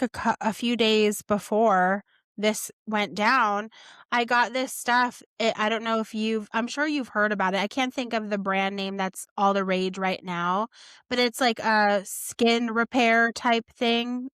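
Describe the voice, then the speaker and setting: A woman in her thirties co-hosting a casual faith podcast, telling a family story with animated asides. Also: on the high side, smooth, no room sound, studio quality. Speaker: podcast co-host.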